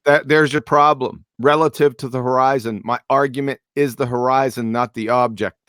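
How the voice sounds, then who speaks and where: A man's voice: mid-range voice, fairly even intonation, moderate pace, fairly bright tone, clear, resonant tone, dry recording. Blunt, quizzing man with a dry sound. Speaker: stream host. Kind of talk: casual debate.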